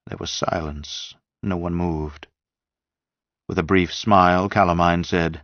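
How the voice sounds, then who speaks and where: A man narrating an audiobook in a measured, even storytelling manner. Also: low-pitched, no echo. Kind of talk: audiobook reading. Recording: dull dry lo-fi sound.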